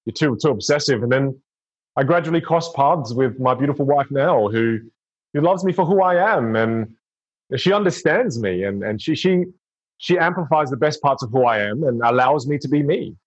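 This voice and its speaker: A man's voice: mid-range voice, expressive, moderate pace. A man talking earnestly and reflectively in casual conversation, often restarting his sentences. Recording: dull lo-fi sound.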